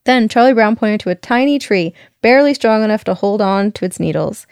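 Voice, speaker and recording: Lively woman storyteller reading a picture book; gravelly, dry close sound. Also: mid-range voice, fairly quick, no room sound. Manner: lively, chuckles as she reads.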